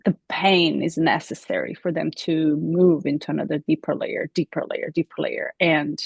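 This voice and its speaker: A woman co-hosting a casual reflective chat over a video call, speaking in a gentle, contemplative way with slow, searching phrasing. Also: low voice, gravelly, breathy edge, no room sound. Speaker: co-host.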